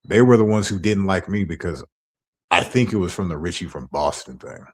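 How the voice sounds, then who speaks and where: A man's voice: deep voice, expressive, a little fast. A man ranting on his stream, heated and profane as he tells his side of a feud. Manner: angry, profane storytelling.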